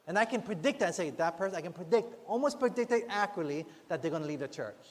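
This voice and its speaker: A man preaches in a church in an earnest, conversational way, often tossing rhetorical asides to the congregation. His voice is high, animated and quick. Long hall reverb and faint music sit in the background.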